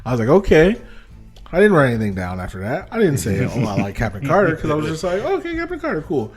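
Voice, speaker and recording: A man's voice: medium pitch, sing-song, very fast, music in the background. A man co-hosting a casual movie review podcast, swearing and acting out his own reactions. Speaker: podcast co-host. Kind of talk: casual chat.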